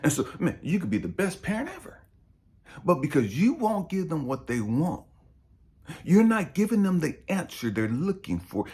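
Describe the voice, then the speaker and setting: A man's voice: on the high side, sing-song, moderate pace, darkish tone. A middle-aged man, a spiritual coach, preaching in an impassioned, emphatic way and swearing freely. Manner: profane, emphatic, passionate.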